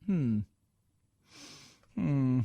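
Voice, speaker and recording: A man hosting a talk radio show, giving an opinionated monologue in an animated, sarcastic way, often laughing. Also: medium pitch, very slow, vocal fry, no room sound, muffled recording.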